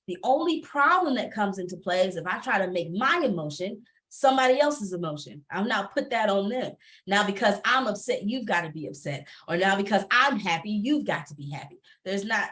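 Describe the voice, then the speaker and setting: A woman panelist and entrepreneur speaking candidly in a panel discussion, expressive and quick to laugh. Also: medium pitch. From based in Atlanta. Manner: expressive, laughs often, animated asides.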